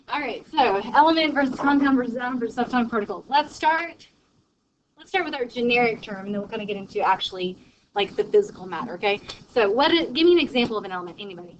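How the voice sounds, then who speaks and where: A woman's voice: mid-range voice, highs cut off, a little hiss or hum. A woman chemistry teacher, talking to her class in a chatty, rambling way full of fillers, recorded in a classroom. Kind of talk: classroom lecture and personal story.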